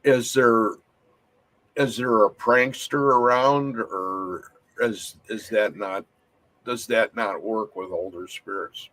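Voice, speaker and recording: A man hosting a paranormal podcast, asking his guests questions in a slow, measured way that drops to quiet asides. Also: lowish voice, no room sound. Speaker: podcast host. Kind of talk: interview conversation.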